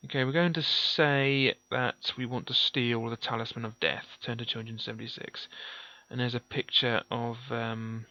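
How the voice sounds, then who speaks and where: A man's voice: medium pitch, level tone, normal speed, sharp tone, no echo. A man reading a fantasy gamebook aloud and commenting casually as he plays, thinking aloud and correcting himself. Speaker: gamebook player and narrator. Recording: dull lo-fi, dry.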